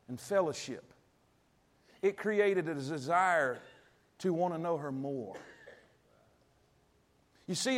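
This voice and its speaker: A male preacher, delivering a folksy sermon and repeating phrases for emphasis. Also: sits high. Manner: storytelling, talks directly to the congregation.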